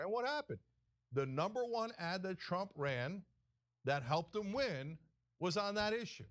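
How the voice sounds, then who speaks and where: A male political talk host speaks in a high, animated voice that climbs and dips constantly. His delivery is heated and emphatic, full of sarcastic jabs. He sounds like he is arguing his case to an audience. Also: normal speed. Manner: impassioned, emphatic, sarcastic asides.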